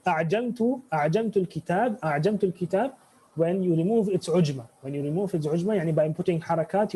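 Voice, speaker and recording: A man lectures a live class, his voice set high yet dark and mellow in tone. He works through Arabic terms slowly and deliberately, one step at a time. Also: poor audio. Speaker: teacher.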